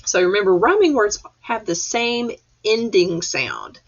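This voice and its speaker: A woman teacher leading a reading lesson for young children, patient and encouraging, sounding out letters slowly. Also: medium pitch, sing-song, muffled recording. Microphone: webcam or computer mic.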